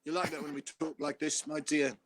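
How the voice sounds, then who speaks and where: A man's voice: on the high side, little pitch movement, fairly quick, no echo, studio quality, voice pushed up. A man putting on a smarmy, flirting man, crooning and teasing in an overdone way. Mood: flirty.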